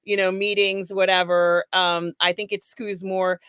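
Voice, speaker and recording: A woman co-hosts a pop culture chat, frank and chatty, with many fillers and frequent laughs. Her voice sits at a middling pitch. The recording is dry and close. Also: flat delivery, measured pace, a bit bright, clean tone, no room sound. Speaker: co-host.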